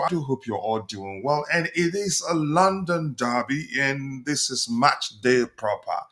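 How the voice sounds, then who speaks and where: Upbeat man hosting a live stream. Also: medium pitch. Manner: loud, upbeat greetings with frequent fillers. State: slightly hoarse from a cold. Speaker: host of a football fan live stream. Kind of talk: casual live-stream chat.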